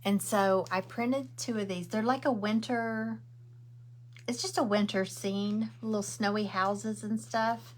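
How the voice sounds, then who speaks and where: A middle-aged woman on a home craft livestream chats unhurriedly, answering viewer comments and rambling as she crafts. Her voice has a medium pitch and steady tone, with a little hiss or hum audible.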